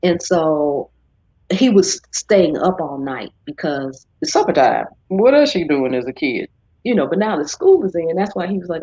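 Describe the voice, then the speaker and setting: A woman with a husky, low-set voice chats easily as host of a live stream. Her delivery is relaxed, with lively bursts when she quotes others. The audio is dull and lo-fi, close and dry. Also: moderate pace, no room sound. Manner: chatty, animated when quoting others. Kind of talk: casual chat.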